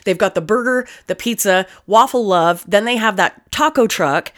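A young woman chatting casually as a podcast co-host, telling stories in a profane, animated way. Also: mid-range voice, normal speed. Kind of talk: casual chat.

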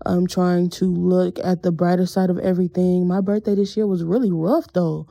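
Young woman podcast host, solo reflective chat; low, gravelly, mellow voice, candid and slangy, close dry mic. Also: fairly even intonation, normal speed, no echo. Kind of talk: casual reflective monologue.

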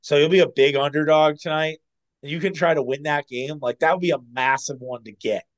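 Midwestern male co-host, animated and opinionated, smooth clear tone, a bit higher pitched. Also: rough recording. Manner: animated, opinionated, quick asides and swearing. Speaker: podcast co-host. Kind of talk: casual sports podcast chat.

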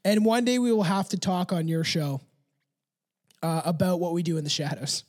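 A man's voice: high-pitched, normal speed, a little mellow. A man hosting a casual podcast, reading passages aloud and stumbling over long words, with a loose and profane way of talking. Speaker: podcast host.

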